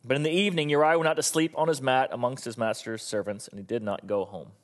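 A man in his thirties preaching a sermon, telling the story with animated, acted-out voices. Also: mid-range voice, fast. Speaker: pastor.

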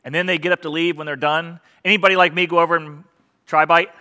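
Male pastor, animated sermon delivery with humor, bright tone. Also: fairly high pitch, fast, clean tone. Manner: animated and joking with the congregation. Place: church sanctuary.

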